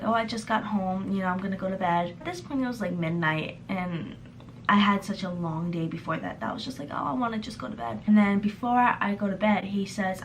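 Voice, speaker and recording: A young woman tells a storytime tale for her vlog, animatedly playing out each quoted line. Her voice sits in a middle pitch for a woman. A faint hiss of background noise stays under her talk throughout. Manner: animated retelling, acting out quoted texts. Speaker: vlogger.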